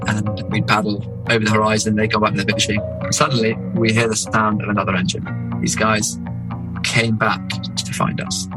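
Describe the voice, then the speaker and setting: A man, an explorer telling an expedition story with animated asides and many fillers. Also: fairly low pitch, low-quality recording. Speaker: explorer guest. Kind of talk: casual storytelling.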